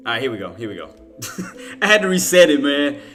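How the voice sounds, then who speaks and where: Bright-voiced man rambling through live trading commentary. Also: mid-range voice, big pitch swings, brisk, faint music behind. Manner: rambling, self-talking, laughs often, slangy. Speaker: stock trading streamer.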